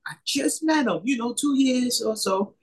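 Husky and slightly rough, this man's voice is very high, and he speaks at normal speed. He shares a faith testimony in a loose, conversational way, repeating himself often and acting out what others said along the way.

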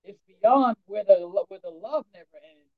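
A pastor welcoming a congregation and opening a sermon, drawn-out and exhorting, streamed on a video call. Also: mid-range voice. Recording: dry, dull lo-fi sound.

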